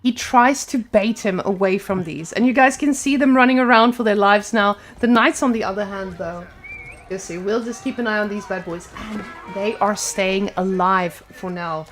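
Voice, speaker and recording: A woman casting an esports match with energetic play-by-play commentary, quick to hype up big plays. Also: mid-range voice, soft background music. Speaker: esports caster.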